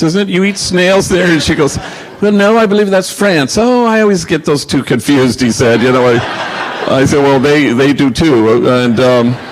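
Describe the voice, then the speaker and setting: A man speaking as a guest at a gathering, telling stories in a halting way, full of fillers and restarts. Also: fairly low pitch, creaky, rough recording. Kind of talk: conversational storytelling on stage.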